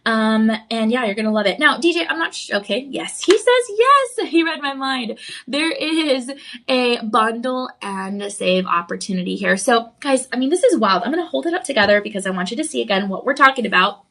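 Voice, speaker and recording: Female shopping-channel host, fairly high voice, gushing live jewelry pitch, chatty with viewers. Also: lively intonation, brisk, fairly bright tone.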